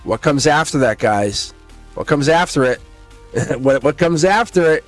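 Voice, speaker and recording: A man hosting a casual live-stream tarot reading, excitable, laughing often and swearing freely. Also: on the high side, a little slow, faint music behind.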